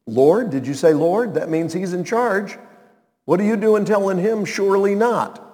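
A man's voice: sits high, expressive, moderate pace, warm tone, big-room sound. A male pastor preaching a sermon in an emphatic way, repeating his key phrases.

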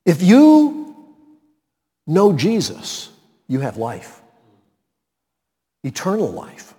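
A male pastor preaching a sermon, swinging his voice high and low and slowing down to stress key words. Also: huge pitch swings, big-room sound. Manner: dramatic swings in pitch and loudness, slows for emphasis.

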